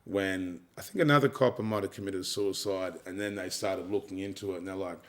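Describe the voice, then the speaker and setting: Australian man, low voice, interview guest, casual, blunt, sweary, lots of fillers. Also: steady tone, brisk. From Tasmania, Australia. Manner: loose, frank, sweary, peppered with "you know".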